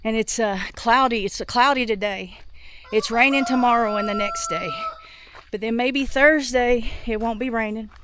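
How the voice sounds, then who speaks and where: A woman's voice: a little high, moderate pace. Sick woman rambling on her farm. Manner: rambling, thinking out loud with many restarts. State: sick, coughing and out of breath. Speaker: homestead vlogger. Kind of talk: casual vlog talk while doing farm chores. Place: outdoors on a farm.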